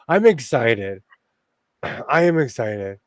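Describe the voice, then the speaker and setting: A man's voice: mid-range voice, no room sound. A man hosting a casual sewing livestream, chatty and rambling, laughing often. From Los Angeles area. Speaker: host.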